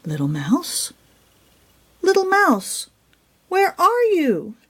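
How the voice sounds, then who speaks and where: A woman voicing a small, brave mother hen with high, squeaky calls in a children's storybook read-aloud. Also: wildly swooping pitch, very slow, exaggerated voice. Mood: worried.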